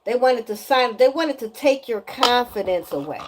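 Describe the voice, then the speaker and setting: A woman giving a casual spiritual energy reading to viewers, animated and emphatic, often repeating her lines and slipping into slang. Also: a little high, moderate pace, background noise. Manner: animated, breaks into singing, emphatic and preachy.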